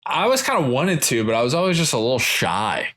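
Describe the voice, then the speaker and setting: Bright-voiced man chatting casually. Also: mid-range voice, fast talker. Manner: relaxed, rambling with self-conscious laughs. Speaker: podcast co-host. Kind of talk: casual chat.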